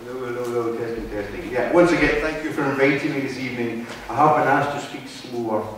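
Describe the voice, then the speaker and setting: A man's voice: medium pitch, quick pace, background noise. A man with a Wigan accent gives a conversational talk to a live audience in a meeting hall, often checking in with the room. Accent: Wigan, Lancashire. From North West England. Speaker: guest speaker. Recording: very echoey hall from far off.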